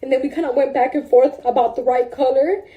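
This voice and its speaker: This salon client tells her storytime in a high, steady, mellow voice, talking a little fast. The recording cuts off the highs. She's casual, emotional, and informal, addressing listeners as "bro."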